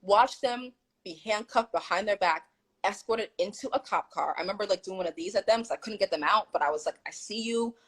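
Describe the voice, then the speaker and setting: A woman's voice: medium pitch, fairly quick, husky, poor audio. A woman guest telling a story in casual chat on a video call, acting out what people said. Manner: animated, acts out quoted dialogue.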